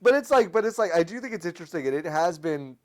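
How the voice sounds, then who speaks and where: A podcast co-host chatting loosely with lots of fillers and excited outbursts. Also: medium pitch, fast. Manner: loose, filler-heavy, swings loud and excited. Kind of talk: casual chat.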